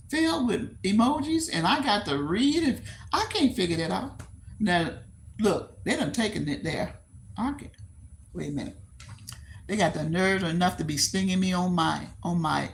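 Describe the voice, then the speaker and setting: An older woman with a drawl, talking unhurriedly on a late-night live stream. Her voice leaps up and down in pitch as she tells animated stories, acting out voices and breaking into laughter. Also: vocal fry, slight background noise. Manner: animated storytelling, acts out quoted voices, laughs often.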